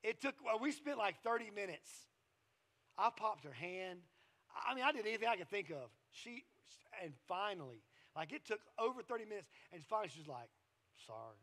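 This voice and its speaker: Man, pastor, sermon, casual storytelling, very high pitch. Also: expressive, fairly quick. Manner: conversational storytelling preaching, drops to quiet asides.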